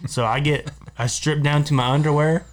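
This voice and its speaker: A man's voice: fairly high pitch, steady tone, moderate pace. A man co-hosting a podcast in a studio, telling a long casual story among friends, rambling, repeating himself and laughing as he goes. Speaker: podcast co-host.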